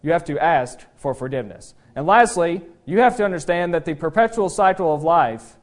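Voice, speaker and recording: Male pastor, sermon, high and very lively pitch, emphatic. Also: a little fast. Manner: animated, emphatic, acts out quotes.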